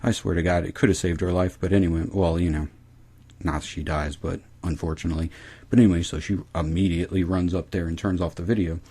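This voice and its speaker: A man with a low, husky voice recaps an episode in a loose, rambling way. His tone is mellow and dark, and he swears freely as he talks. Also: fairly even intonation, fast. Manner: rambling, profane.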